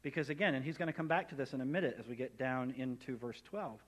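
Male pastor, sermon delivery, lively asides in character, echoing hall sound. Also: mid-range voice, fast. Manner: animated preaching, acting out imagined inner voices. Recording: long reverb of a hall.

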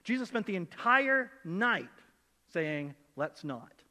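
Male pastor, conversational sermon, slightly high voice, echoing church hall. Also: slow pace. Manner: conversational, animated, acts out voices in quotes.

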